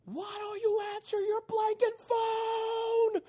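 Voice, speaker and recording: A man voicing a clingy, angry young woman who yells into an answering machine, shrill and whiny. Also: expressive, normal speed. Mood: angry shouting.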